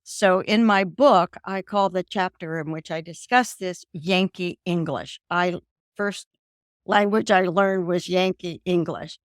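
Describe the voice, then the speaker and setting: Older woman, interview guest, animated storyteller, dry sound. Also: medium pitch, no room sound. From American South. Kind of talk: casual interview talk.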